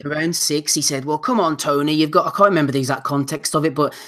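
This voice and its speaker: A man's voice: a little high, fairly even intonation, fast talker, fairly bright tone. A man hosting a casual boxing podcast, reading out listener nominations with dry asides. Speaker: podcast host.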